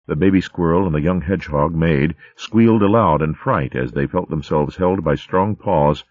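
Deep-voiced man reading a storybook. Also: moderate pace, no room sound, dull audio. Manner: steady, vivid reading. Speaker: narrator. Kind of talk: storybook narration.

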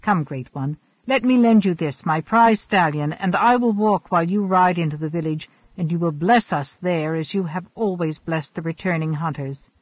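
A man reading the part of a bold, boastful young hunt leader in an audiobook, speaking loudly and defiantly. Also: high voice, unhurried, no room sound. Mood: placating. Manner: loud, emphatic, defiant. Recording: dull, dry recording.

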